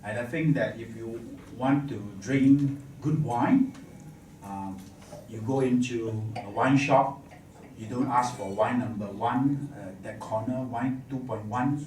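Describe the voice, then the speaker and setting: A man's voice: mid-range voice, slow pace, a little mellow, soft background music. A man teaching a wine masterclass, jokey and teacherly, tagging his lines with "huh?". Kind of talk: live masterclass talk. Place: hotel function room. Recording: echoey room, far from the mic.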